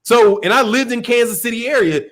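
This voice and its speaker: High-voiced Chicago man ranting casually. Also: fairly quick, fairly bright tone. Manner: loose, profane, laughs often, rambling. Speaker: boxing channel host. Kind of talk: casual live-stream rant.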